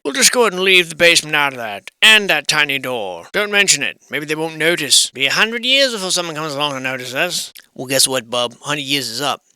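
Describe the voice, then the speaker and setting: A man's voice: fairly high pitch, animated, brisk, hardly any pauses, sharp tone, clean tone, no echo. A man giving casual, rambling commentary on old photographs of historic houses, sarcastic and irreverent, swearing freely and thinking aloud. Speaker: channel host.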